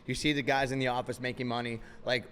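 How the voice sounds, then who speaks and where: Young new york dude hosting a podcast, swears a ton, brash, mid voice, reverby room. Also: male voice, mid-range voice, flat delivery, fast talker, fairly bright tone, smooth. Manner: brash, swears constantly, acts out phone calls in voices. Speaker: podcast host. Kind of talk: casual profane podcast chat.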